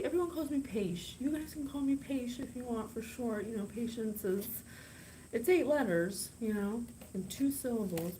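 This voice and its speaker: Bubbly chatty woman, bright high voice. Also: moderate pace, a little hiss or hum, rough recording. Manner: chatty, bubbly, gushing and excitable. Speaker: psychic podcast host. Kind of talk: casual direct-to-camera talk.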